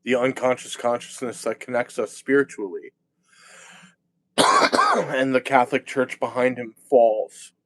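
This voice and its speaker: A man talking in a rambling monologue, agitated and profane, halting and restarting his sentences. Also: medium pitch, fairly even intonation, a bit bright. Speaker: vlogger.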